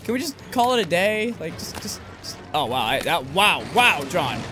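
A man commentating his own gameplay, his voice set high and leaping all over the place as he curses and yelps. He drops into low grumbles between the shouts, and loud game music plays under him. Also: big pitch swings, normal speed. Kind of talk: let's-play commentary.

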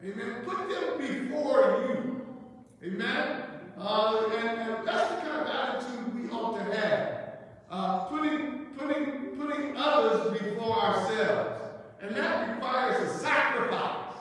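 Man preacher, very high voice, slow delivery, echoey church hall heard from afar. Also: fairly bright tone, distant mic. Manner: asks Amen? again and again, repeats words as he goes. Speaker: bishop and preacher. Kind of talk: Bible study teaching.

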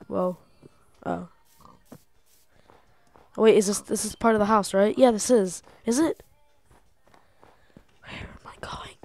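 A young woman with a slightly high voice narrates her gameplay in a loose, casual way. She talks to herself, gets excitable, swears freely and laughs often. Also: vocal fry, dry recording. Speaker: gamer.

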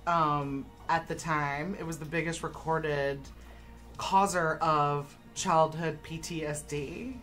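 Woman, lowish voice, casual chat, rambling storyteller, faint music behind. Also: steady tone, slow pace, a bit bright. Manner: chatty storyteller, many "like" fillers. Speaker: tabletop game player.

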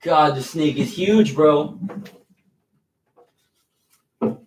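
A man on a live stream with a slightly high voice, talking loosely and casually to his chat. He drops bro and dude into nearly every line. He coaxes and soothes a pet snake while sounding uneasy about it. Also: extremely slow, a little hiss or hum. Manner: laid-back and slangy, calls everyone bro and dude; nervous and coaxing while handling a snake.

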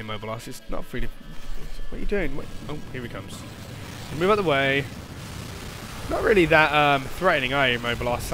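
A young man giving excitable gameplay commentary, swearing and shouting at the game. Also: medium pitch. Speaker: gaming commentator.

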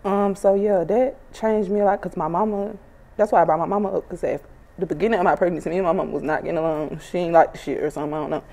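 A woman's voice: fairly low pitch, fairly even intonation, fast, dark tone, slight background noise. A woman of twenty-five, a rapper, chatting casually and bluntly in an interview, swearing freely and laughing as she tells stories. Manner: blunt, profane, laughs while telling stories.

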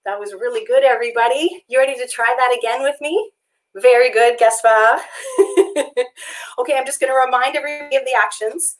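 A woman with a high voice leads a children's singalong from her home. She talks brightly to young viewers and sings with them. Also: a little fast. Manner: bright, encouraging, sings along. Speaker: children's music co-host. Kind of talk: children's livestream hosting and singing.

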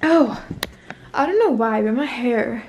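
Young woman rambling thru her apartment tour on her phone, kinda breathless, a bit high pitched. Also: normal speed, background noise. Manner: chatty and bubbly, rambling asides. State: slightly out of breath. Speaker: vlogger. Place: small apartment indoors.

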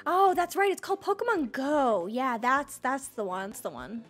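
High-voiced, gushing woman gamer. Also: normal speed, soft background music. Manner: excitable, gushing, squealing at cute creatures; silly joking asides. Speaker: gaming streamer. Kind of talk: let's-play commentary.

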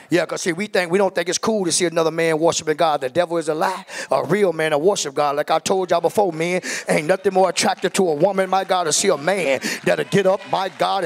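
Male preacher, high voice, gravelly edge, call-and-response sermon, church. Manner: call-and-response preaching, repeating "my God" and "come on, somebody"; climbs into fervent, drawn-out shouting at the peaks. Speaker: pastor.

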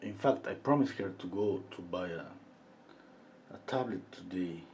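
A middle-aged man with a mellow, warm voice leads a live painting lesson. He talks through each step as he paints, pausing often and trailing off into fillers. Faint noise sits behind him. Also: deep voice. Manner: relaxed, thinking aloud while he paints, with frequent pauses and fillers; chats with viewers between steps. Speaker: painting instructor.

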